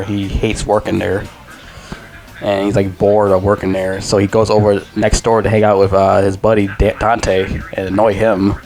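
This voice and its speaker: A man's voice: lowish voice, darkish tone. A man in his twenties giving a casual, rambling and profane movie review. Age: 20s.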